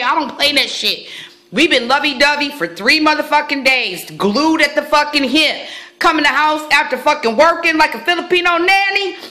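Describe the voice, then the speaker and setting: A woman vlogger telling a profane comic story straight to her phone camera on a tripod, brash and animated. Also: high voice. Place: at home, indoors.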